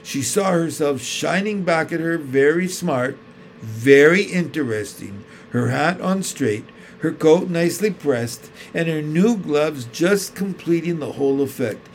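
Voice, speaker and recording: Slow, measured male storyteller. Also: fairly high pitch, lively intonation, slight background noise. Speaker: narrator. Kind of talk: storybook reading.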